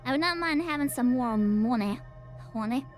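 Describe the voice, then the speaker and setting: A woman's voice: high voice, lively intonation, moderate pace, soft background music. A woman streamer giving chatty, playful, self-mocking commentary while playing a game. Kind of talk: casual gameplay commentary.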